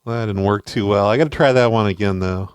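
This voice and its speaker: Dry deadpan guy doing prank calls, voice right up on the mic. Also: on the low side, fast talker, clean tone, no room sound. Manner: deadpan, mock-serious. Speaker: prank caller and show host. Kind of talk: prank phone call.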